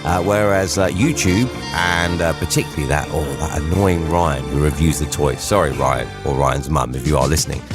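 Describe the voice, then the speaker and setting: A man's voice: very deep voice, steady tone, moderate pace, few pauses. A man hosting a drivetime radio show, chatting casually in a rambling, musing way with conversational asides. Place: radio studio. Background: music playing.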